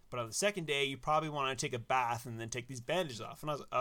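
A man casually telling a personal anecdote, animated and laughing at his own story. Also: medium pitch, a little fast, clear, resonant tone.

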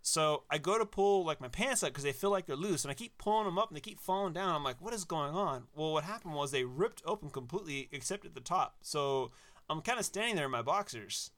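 A man casually telling a personal anecdote, animated and laughing at his own story. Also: fairly high pitch, quick pace.

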